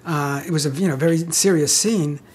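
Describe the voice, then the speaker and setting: An older man in an interview, telling anecdotes in a wry, self-deprecating way with soft laughs. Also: a little high, fairly quick, slight background noise. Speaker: interviewee, actor.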